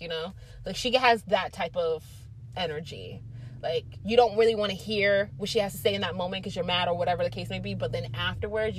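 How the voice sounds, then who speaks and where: A young adult woman telling a casual, animated storytime, swearing freely and using lots of fillers. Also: fairly low pitch. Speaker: vlogger.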